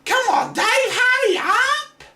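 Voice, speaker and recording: A man voicing an impatient, cheeky kea parrot with a New Zealand accent, heckling and shouting. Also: very high voice, lively intonation, slow, voice pushed up, exaggerated voice. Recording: echoey room.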